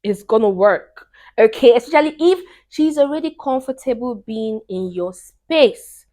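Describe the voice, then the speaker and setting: A young woman giving casual dating advice to camera, emphatic, repeating her key points and swinging between hushed and loud. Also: on the high side, animated, unhurried.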